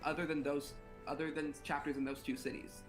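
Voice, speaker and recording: A man's voice: on the high side, level tone, fairly quick, faint music behind, low-quality recording. A teenage young man from Nevada, answering interview questions earnestly and hesitantly, with lots of fillers. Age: teens. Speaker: interview guest, student officer.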